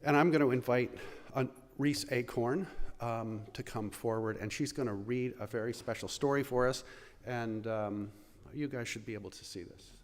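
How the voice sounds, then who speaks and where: A man leads a school chapel service, talking to the congregation in a relaxed, halting way. His voice sits in a mid range. It rings out with a long chapel reverb. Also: medium pitch. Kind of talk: casual address to a congregation.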